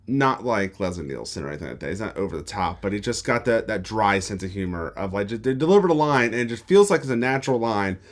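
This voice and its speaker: A man co-hosting a film podcast, talking casually in a halting way, full of fillers and restarts. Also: on the low side, animated. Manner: halting, self-correcting, filler-heavy. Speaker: podcast co-host.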